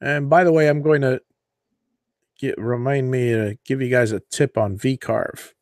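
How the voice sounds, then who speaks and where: A man hosting a live CNC tutorial, walking viewers through design software while thinking aloud, with fillers and self-corrections. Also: medium pitch, fairly even intonation, unhurried, no echo, clean studio sound. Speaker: host of a CNC woodworking show.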